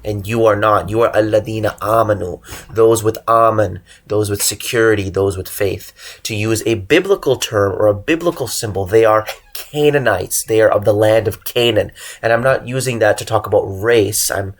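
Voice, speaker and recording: A man's voice: on the low side, normal speed. A young man delivering an earnest preaching monologue, exhorting listeners and stressing lists of single words. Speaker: religious channel host.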